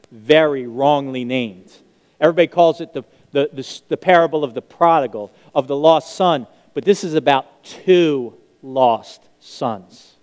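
A man preaching a sermon, telling a parable in an animated way and acting out the characters' lines. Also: mid-range voice. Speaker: pastor. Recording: long hall reverb.

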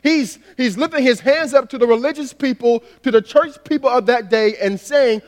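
A man preaching a sermon in a relaxed, conversational storytelling way, often saying "you know". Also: very high voice, normal speed, hardly any pauses. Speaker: pastor. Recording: long hall reverb.

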